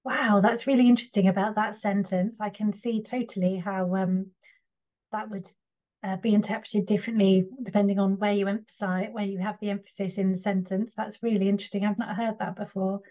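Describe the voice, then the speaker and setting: A woman's voice: medium pitch, steady tone, fairly quick, mellow. A woman hosting a podcast interview, encouraging her guest and asking follow-up questions with occasional fillers. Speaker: podcast host. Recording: slightly dull lo-fi sound.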